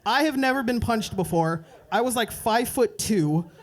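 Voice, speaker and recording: A young man doing a stand-up set at an open mic night, telling a rambling story and dropping into quick voices for the people in it. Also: sits high, animated. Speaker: stand-up comedian. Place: open mic comedy club.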